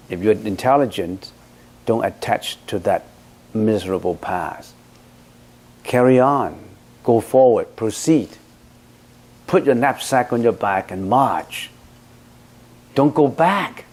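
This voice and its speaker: A male Buddhist teacher in a question-and-answer dharma talk, with a voice of middling pitch. He talks bluntly and with force. He keeps pressing rhetorical questions on his listener and scolds them. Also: a little mellow.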